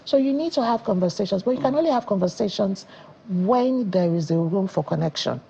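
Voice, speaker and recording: A woman's voice: medium pitch, a little fast, vocal fry, muffled recording, slight background noise. A woman in her thirties from Nigeria, a parenting educator who tells stories and acts out the lines she quotes on a studio talk show. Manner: animated storyteller, acts out quotes.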